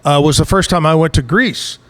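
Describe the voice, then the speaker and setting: A male talk show host chats casually with a guest. His voice sits a little higher than most men's. He rambles through his questions and jokes along the way. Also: a little fast, fairly bright tone. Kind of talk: casual interview chat. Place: live show at a bar stage.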